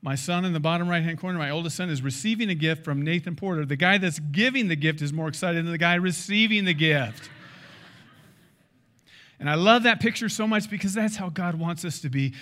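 A man in his fifties, a pastor preaching a sermon in an emphatic, animated way, acting out dialogue. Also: a little high, brisk.

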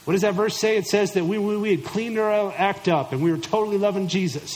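A man's voice: high-pitched, fast talker, darkish tone, rough recording. A middle-aged man preaching a sermon to husbands, emphatic and direct, acting out imagined listeners in mock voices. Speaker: pastor.

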